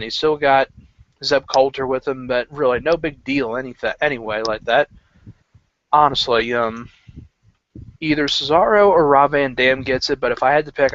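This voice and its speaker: A man's voice: medium pitch, a bit bright. A man talks through his wrestling picks in a loose, rambling way, with lots of "um"s, "like"s and restarts. His voice sits in an ordinary middle register, and the recording is dull and lo-fi. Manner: rambling, filler-heavy, self-correcting. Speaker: wrestling pundit. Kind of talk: casual prediction vlog.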